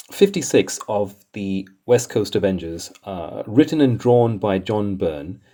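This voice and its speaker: A man's voice: on the low side, warm tone. A man hosting comics commentary in a casual, rambling way, exasperated and chuckling often.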